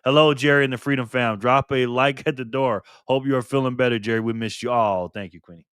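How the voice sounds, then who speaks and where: A man at a middle pitch hosts a live stream, chatting with viewers and reading their messages aloud in a warm, familiar way. His voice sounds close and dry, with no room echo. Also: steady tone, fast talker, clean tone. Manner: friendly, chatty, greets viewers by name. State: recovering from illness.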